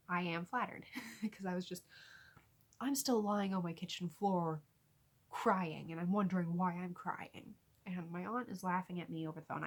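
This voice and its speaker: A young woman vlogger telling a storytime story in an animated way, often laughing as she talks. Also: on the low side. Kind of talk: storytime vlog.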